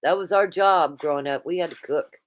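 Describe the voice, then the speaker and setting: A woman with a slightly low voice hosts a relaxed livestream. She chats loosely and reads viewer comments aloud as they come in. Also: fairly quick, dull audio. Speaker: livestream host. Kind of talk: casual livestream chat.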